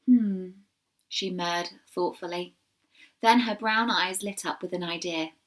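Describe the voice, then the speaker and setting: A woman reading a children's storybook aloud, expressive, with small slips and asides to her listeners. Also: lowish voice, measured pace. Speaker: reader.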